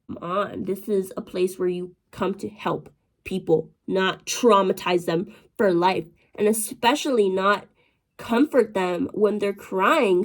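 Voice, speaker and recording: A woman's voice: mid-range voice, measured pace. Young woman vlogger, swearing and dramatic, casual storytime, speaks to viewers directly. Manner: profane, dramatic, addresses viewers as y'all.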